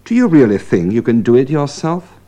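A man's voice: medium pitch, huge pitch swings, fairly quick, dark tone. Teasing man co-presenting a radio lesson. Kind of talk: scripted radio lesson banter.

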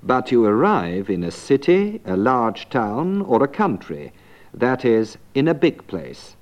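A man narrating and explaining a language lesson in a clear, measured teaching manner. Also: mid-range voice, big pitch swings. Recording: dull lo-fi old tape.

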